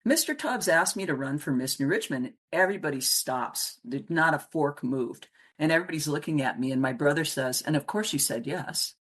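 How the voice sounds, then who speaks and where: Woman, middle-aged, from Wisconsin, deep voice, lively anecdotes, acts out voices. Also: brisk, few pauses. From Wisconsin, USA. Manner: animated storyteller who acts out voices. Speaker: guest, transformational coach. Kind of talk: storytelling in a conversational interview.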